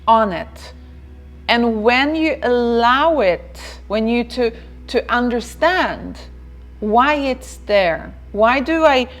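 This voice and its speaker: A woman giving a reflective motivational talk on self-care, who repeats phrases and checks in with "right?". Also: on the high side.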